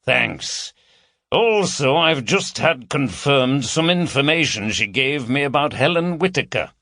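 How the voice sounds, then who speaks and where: A man voicing a brisk, matter-of-fact male police detective in a crime story. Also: medium pitch, lively intonation, bright, forceful tone, dry recording, clean studio sound, voice pushed up.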